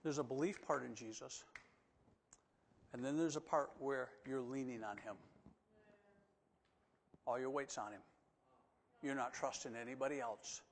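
A man preaching a sermon in a church, animated, swinging from loud emphatic lines to soft, coaxing asides. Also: mid-range voice, moderate pace, long pauses. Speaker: pastor. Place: church sanctuary. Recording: long reverb of a church hall.

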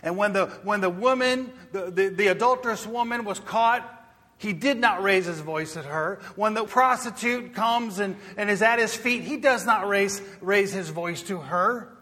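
A man preaching a sermon in a church, swinging from loud, urgent calls down to hushed near-whispers for emphasis. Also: sits high, normal speed, long reverb tail. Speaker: pastor. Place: church sanctuary.

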